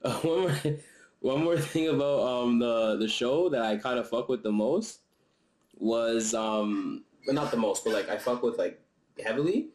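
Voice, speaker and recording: Young male vlogger, mid-pitch, loose and slangy, a little winded, roomy echo. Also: unhurried, darkish tone. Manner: loose, slangy and profane, with frequent laughs and restarts. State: slightly out of breath. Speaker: vlogger reviewing a concert. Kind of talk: casual chat. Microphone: camera-mounted mic.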